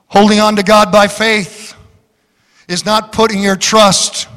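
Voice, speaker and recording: A man preaching a fiery sermon as pastor, building to shouts. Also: high voice, flat delivery, slow pace. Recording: large hall reverb.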